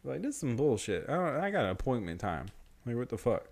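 A young man telling a story in casual chat, slangy, swearing a lot and animated. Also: mid-range voice, fast talker, creaky.

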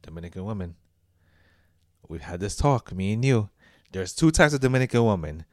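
A man's voice: lowish voice, lively intonation, a little fast, no echo, studio quality. A young adult man co-hosting a podcast in casual chat, ranting emphatically and cursing. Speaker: podcast co-host.

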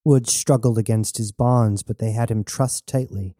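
A man narrating an audiobook in a steady, measured way, recorded close and dry. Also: fairly low pitch, dry recording.

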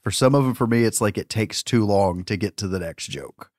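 Low voiced guy, chill podcast cohost, dry sounding mic. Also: a little fast, a little mellow, no room sound. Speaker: podcast co-host. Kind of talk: casual movie chat.

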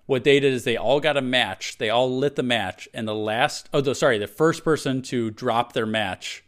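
A man hosts a loose podcast conversation and reads out listener messages. His speaking pitch sits at a comfortable middle. He rambles, circles back and restarts his thoughts in an unhurried, everyday way. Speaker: podcast host. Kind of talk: casual chat.

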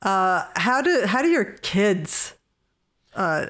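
A woman interviewer in a casual chat, speaking slowly and unhurriedly with a mid-range voice. She fills the gaps with easy agreement between questions. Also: medium pitch, sing-song, fairly bright tone.

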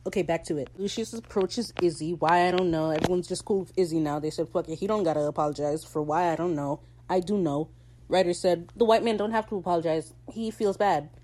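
A woman's voice: fairly low pitch, darkish tone, a little hiss or hum. A woman hosting a podcast, recapping a TV episode in slangy, opinionated casual chat and laughing easily. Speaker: podcast host.

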